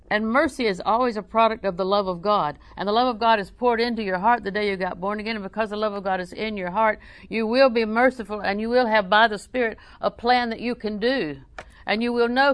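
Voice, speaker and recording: Gravelly woman preaching. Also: medium pitch, brisk. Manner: conversational, humorous, swings between soft asides and loud emphatic preaching. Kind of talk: folksy sermon with personal stories.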